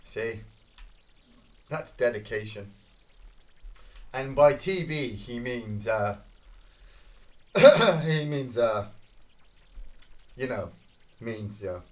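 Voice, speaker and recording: Excitable Scottish man swearing over gameplay. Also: mid-range voice, extremely slow, long pauses. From Scotland. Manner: excitable, swearing, reacting loudly to kills. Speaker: gaming streamer. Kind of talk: casual live gameplay commentary.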